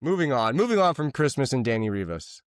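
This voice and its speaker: Male podcast co-host, loose, profane storyteller with a smooth, clear voice, dry close mic. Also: mid-range voice, very animated, fast, no echo. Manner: rambling, crude anecdotal storyteller. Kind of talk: casual chat.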